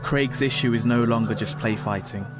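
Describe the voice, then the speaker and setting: A man reads a documentary's narration, keeping it even and matter-of-fact. His voice sits at a middle pitch. Clear music plays beneath him. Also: moderate pace. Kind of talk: scripted narration.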